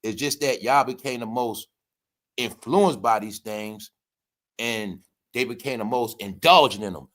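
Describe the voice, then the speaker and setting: A man's voice: mid-range voice, measured pace, fairly bright tone. Emphatic profane New man. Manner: profane, emphatic, repeats himself. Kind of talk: casual chat.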